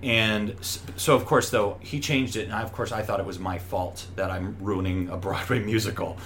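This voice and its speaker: A man's voice: moderate pace, a little hiss or hum. A middle-aged man, a stage actor, chatting in an interview and acting out the voices of people in his stories. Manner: animated storyteller who acts out voices with big pitch jumps. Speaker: Broadway actor, guest. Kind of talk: casual interview chat.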